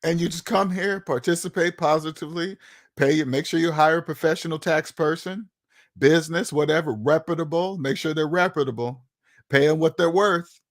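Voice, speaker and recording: Emphatic man with a raised pitch. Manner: emphatic, repetitive, full of rhetorical questions. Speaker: channel host. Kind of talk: casual opinion monologue to viewers.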